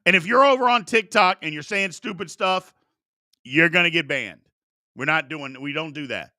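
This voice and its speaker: A man's voice: fairly high pitch, moderate pace, no room sound, clean studio sound. A man in his forties hosting a live sports talk show, chatting casually and reading out viewer questions. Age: 40s. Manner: animated, chatty, reads viewer questions aloud.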